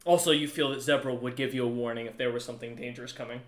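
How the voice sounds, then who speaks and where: A man's voice: mid-range voice, steady tone, racing, roomy sound. A man narrating a tabletop game as game master, loose and full of ums.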